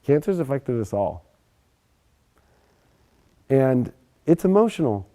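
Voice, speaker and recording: A young adult man giving a casual, animated astrology monologue, emphatic and often swearing. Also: mid-range voice, slow pace. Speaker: astrology presenter.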